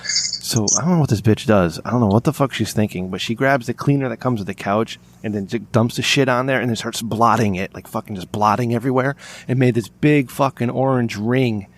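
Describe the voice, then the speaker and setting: A man's voice: medium pitch, fairly quick, slight background noise. A man hosting a podcast, telling a long, rambling, profane story with lots of restarts. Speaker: podcast host. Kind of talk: casual profane podcast chat.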